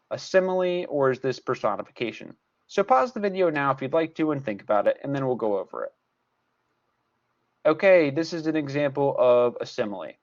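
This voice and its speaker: The audio loses its highs in this recorded class lesson, where a math tutor speaks in a mid-range male voice. He explains step by step and keeps coming back to key points with emphasis.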